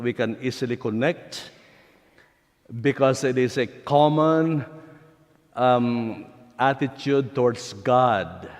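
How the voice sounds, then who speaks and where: Slow-speaking priest in a reverberant church. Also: male voice, mid-range voice. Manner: unhurried storytelling with pauses and fillers. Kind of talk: sermon.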